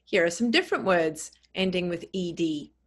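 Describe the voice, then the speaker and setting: A woman teaching a pronunciation lesson, saying words slowly and clearly, repeating them and spelling them out letter by letter. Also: lowish voice, animated.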